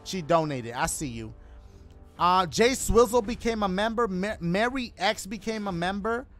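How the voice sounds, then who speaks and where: A man's voice: high-pitched, expressive, moderate pace, a bit bright, faint music behind. A man streaming a game, chatting casually and reading donations in loose slang with joking asides. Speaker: gaming streamer.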